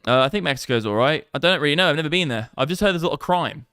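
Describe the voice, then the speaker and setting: A brash young man banters with his livestream chat, swearing freely as he riffs on markets. His voice is smooth and resonant, and it sits close and dry with no room around it. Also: fairly high pitch, expressive, very fast, a bit bright, dry recording. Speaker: crypto trading livestream host. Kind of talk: casual livestream chat, reading viewer comments.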